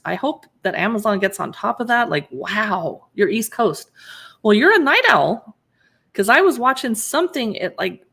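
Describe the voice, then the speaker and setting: A woman's voice: fairly high pitch, fairly bright tone, slightly rough. Chatty woman leafing through a cookbook. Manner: chatty, reacts aloud to recipes and chat. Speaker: cookbook blogger and live streamer. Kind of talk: casual live stream chat.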